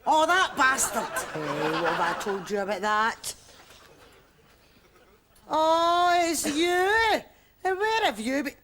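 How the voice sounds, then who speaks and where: A scolding Glasgow wife. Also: female voice, sits high, big pitch swings, slow pace, long pauses, exaggerated voice. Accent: Glaswegian. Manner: scolding, sharp-tongued. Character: fierce, nagging Glasgow housewife. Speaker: sitcom wife. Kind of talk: sitcom acting. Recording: studio audience laughter behind.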